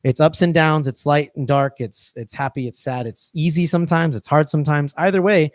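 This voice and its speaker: A man's voice: a little high, fairly even intonation, a little fast, no echo, clean studio sound. A man co-hosting a fitness coaching podcast, talking casually and rambling, often restarting his phrases.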